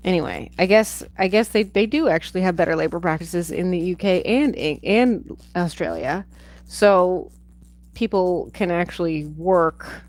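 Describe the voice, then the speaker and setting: A home livestream host reviews a film in casual chat, rambling into tangents and cursing freely. Her voice sits low with a darkish tone, and the recording is rough.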